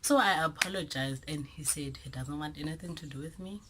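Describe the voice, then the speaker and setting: A young South African woman telling a storytime vlog, animated and dramatic, with whispered asides. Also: low voice, a little fast, noisy background. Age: young adult. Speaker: vlogger.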